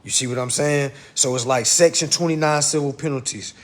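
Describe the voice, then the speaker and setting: A man giving a casual livestream lesson, blunt and profane, talking fast and addressing his viewers directly. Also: mid-range voice. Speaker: online instructor.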